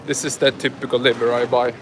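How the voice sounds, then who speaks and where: Guy streaming off his phone, jokey and chatty, mid pitch, traffic noise behind him. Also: level tone, fast. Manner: chatty, joking, talks to viewers while driving and shopping. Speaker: livestreamer. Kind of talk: casual live-stream chat. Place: car, then inside a large grocery store. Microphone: phone held in hand.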